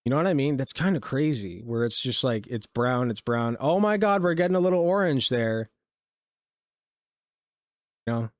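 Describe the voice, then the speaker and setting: A man's voice: medium pitch, lively intonation, fairly quick, few pauses, dry recording, studio quality. A man streaming a casual reaction video, rambling and sarcastic, full of fillers and restarts.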